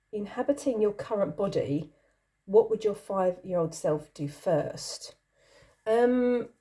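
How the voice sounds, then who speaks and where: Chatty middle-aged woman, mellow voice. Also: medium pitch. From not from the country she lives in. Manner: chatty, rambling, giggly, self-deprecating. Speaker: channel host. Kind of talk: casual chat answering a question tag.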